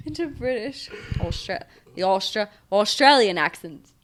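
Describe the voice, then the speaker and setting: A woman's voice: medium pitch, moderate pace, slight background noise. A young woman co-hosting a casual podcast chat, blunt and swearing freely. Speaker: podcast co-host.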